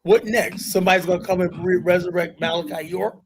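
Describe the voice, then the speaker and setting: A male podcast host with a slightly raised pitch drives a heated panel debate. He talks emphatically, argues hard and swears freely as he makes his case. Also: fairly even intonation, fairly quick, a crowd in the background. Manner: emphatic, argumentative, loose with profanity.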